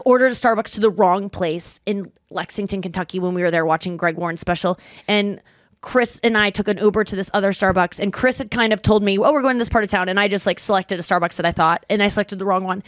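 Animated woman telling stories on a podcast. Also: medium pitch, quick pace, no echo, studio quality. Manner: animated storytelling, acts out quoted voices. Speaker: podcast host. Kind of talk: casual chat.

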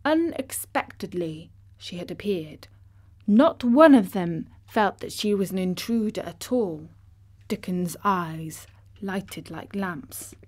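A woman narrating a children's classic audiobook in a gentle, measured way. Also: mid-range voice, expressive. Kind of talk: storybook narration.

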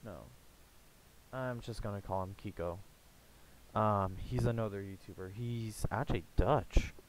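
A young American man chatting casually in a rambling, halting way, full of fillers and restarts. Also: lowish voice, fairly even intonation, slight background noise, poor audio. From United States. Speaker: gaming YouTuber. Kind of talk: casual rambling vlog chat.

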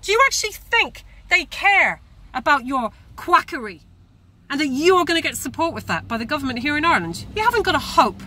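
A woman's voice: sits high, very animated, a little fast, bright, forceful tone. A woman campaigner ranting to camera, indignant and emphatic, often tagging her points with "okay?". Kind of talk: angry direct-to-camera rant. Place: Ireland.

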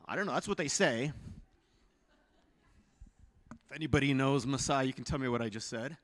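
A man pastor telling a story in a sermon, animated, swinging from hushed to loud, in a church sanctuary. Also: medium pitch, moderate pace. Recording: reverberant church hall.

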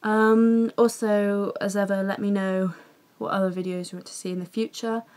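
A young woman chatting to camera in a casual vlog, gushing and excitable. Her pitch sits in an ordinary middle range, and she rambles with plenty of fillers and restarts. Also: moderate pace. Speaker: vlogger reviewing a TV episode.

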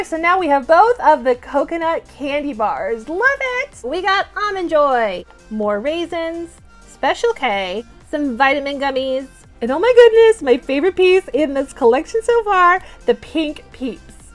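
A woman's voice: high voice, sing-song, measured pace, soft background music. A woman toy collector chatting through an unboxing vlog, gushing with gasps and giggles. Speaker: toy collector and channel host.

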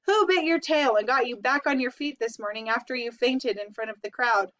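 A woman's voice: a little high, brisk, fairly bright tone, natural voice. Lady reading as a lazy grumpy storybook rat, sarcastic and mocking, dull lo-fi sound. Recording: dull lo-fi recording.

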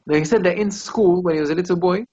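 A man teaching a Torah class as a rabbi over a video call. He tells stories and often pauses to search for English words. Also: high voice, a little mellow. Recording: muffled video call audio.

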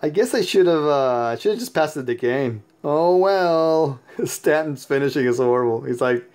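A high-voiced man who plays mobile games and hosts on YouTube gives casual gameplay commentary, sounding tired and sleepy yet chatty, excitable, and quick to laugh. He talks at normal speed with hardly any pauses. His tone is clear and resonant.

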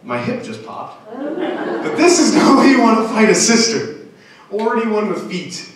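A young man doing self-deprecating stand-up with a lively, slightly high voice that swings up and down. He is heard from afar in a strongly echoing club. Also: unhurried, distant mic, noisy background. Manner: self-deprecating, animated delivery. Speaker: stand-up comedian. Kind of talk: stand-up comedy set. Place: comedy club stage. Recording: echoey room, mic heard from afar.

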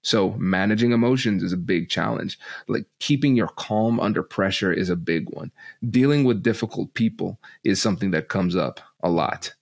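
Low gravelly man explaining. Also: normal speed. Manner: animated teacher-like explaining, laughs often. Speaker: guest, negotiation and conflict expert. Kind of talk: podcast interview explanation.

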